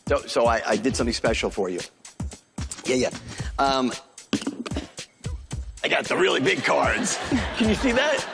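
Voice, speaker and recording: A man from New York with a New York accent, a joking, fast-talking street magician doing stage patter in a TV theater. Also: sits high. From New York City. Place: TV theater stage before a live audience. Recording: stage audio with crowd and music. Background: audience laughter and show music.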